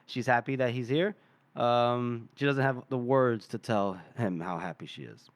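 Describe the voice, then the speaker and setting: A man's voice: medium pitch, normal speed, dry recording. A man hosting a podcast, loosely retelling a chapter with fillers and laughs. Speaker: podcast host. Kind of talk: casual chapter recap.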